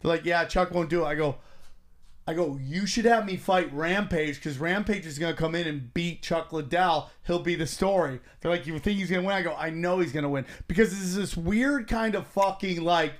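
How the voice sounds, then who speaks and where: A man's voice: on the high side, a little fast. A man hosting a podcast, telling stories in casual chat. He swears freely and acts out what people said. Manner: animated, profane, acts out quotes.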